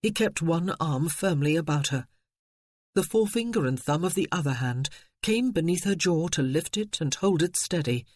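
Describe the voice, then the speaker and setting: Expressive audiobook narrator, mid pitch, dry close read. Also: normal speed, dry recording. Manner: expressive storytelling. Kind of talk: scripted narration.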